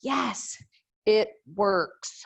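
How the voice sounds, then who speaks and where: Slow-paced woman leading chair yoga. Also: mid-range voice, creaky, slightly rough. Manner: chatty, joking asides between cues. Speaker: yoga instructor. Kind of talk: guided chair yoga class over video call. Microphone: video call.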